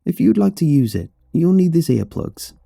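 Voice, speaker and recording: A man's voice: fairly high pitch, sing-song, normal speed, gravelly, mellow, no room sound, studio quality, voice pushed up, heavily acted. Man putting on a shaky-voiced frail old lady. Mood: sweet, doting. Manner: sweet, doting, calls listener honey. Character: frail old woman spa receptionist, warm, sweet.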